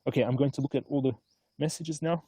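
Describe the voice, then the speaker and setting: Easygoing man, mellow voice. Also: medium pitch, fast, slightly rough, no echo. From Australia. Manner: easygoing, rambling, often excited. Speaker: stock market vlogger. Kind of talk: casual live-stream chat. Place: outdoors on a hilltop at home.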